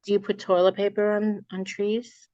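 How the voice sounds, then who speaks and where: A woman's voice: medium pitch, normal speed, no echo, dull audio. A woman from New Jersey with a North Jersey accent, chatting as a guest in a casual interview over a video call. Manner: chatty, animated storyteller. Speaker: guest, memoir author.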